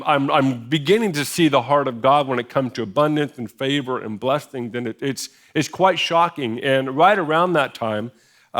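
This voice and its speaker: A middle-aged American pastor preaching in a church, telling a personal story in a conversational way with self-deprecating humor. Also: male voice, medium pitch, a bit bright. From United States. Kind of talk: sermon storytelling. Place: church sanctuary.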